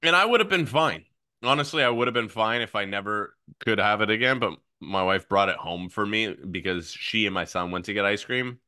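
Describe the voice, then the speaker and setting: A man in his thirties guesting on a podcast, with a very low yet bright and forceful voice. He tells stories in a lively way, full of fillers, and drops into hushed asides. The recording is close and dry. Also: brisk, clear, resonant tone, no room sound. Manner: animated storyteller, many fillers, swings from excited to hushed. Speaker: podcast guest, fitness coach. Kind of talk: casual podcast chat.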